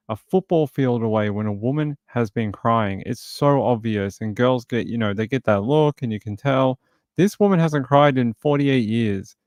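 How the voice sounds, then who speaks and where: A man's voice: medium pitch, darkish tone, no room sound, clean studio sound. A man hosting a true crime stream, mocking a news clip with sarcastic rhetorical questions. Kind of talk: live commentary on a news clip.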